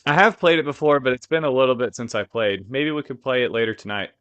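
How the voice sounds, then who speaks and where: An easygoing man co-hosts a casual podcast chat, cracking small jokes and leaning on fillers. His voice is smooth and clear, at an ordinary middle pitch. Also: fast, a bit bright. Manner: easygoing, jokey, filler-heavy. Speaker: podcast co-host.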